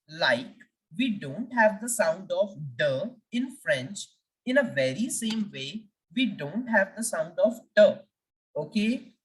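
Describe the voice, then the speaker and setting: A woman's voice: medium pitch, very animated, slow pace, a bit bright, far from the mic, rough recording. A woman teaching French, patiently drilling each letter of the alphabet one by one and asking learners to repeat after her.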